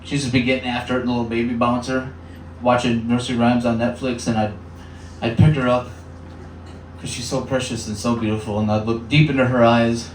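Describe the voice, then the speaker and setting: Performing stand-up in a small, echoey bar, this Upper Peninsula comic in his thirties chats through his set using filler words and doing voices. He has a medium pitch, level tone, and fairly quick pace, picked up by a distant mic with slight background noise.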